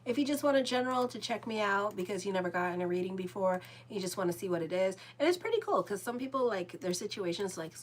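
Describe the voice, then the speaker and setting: A woman's voice: medium pitch, lively intonation, fast talker, few pauses. A woman, hosting her horoscope channel in a chatty, rambling, blunt monologue with casual swearing. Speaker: astrologer and channel host.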